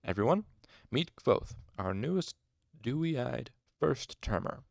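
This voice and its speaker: A man reading aloud, voicing a cheerful, teasing young male student in a slightly raised, gravelly voice. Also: mid-range voice, big pitch swings, slow pace, dry recording, clean studio sound, voice pushed up, heavily acted.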